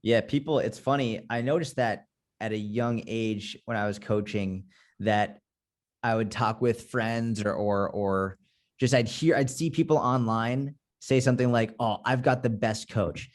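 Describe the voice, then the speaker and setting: A man with a Boston accent talks as a guest on a casual podcast. He is blunt and animated and swears freely. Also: medium pitch, a little slow. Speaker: podcast guest, fitness coach.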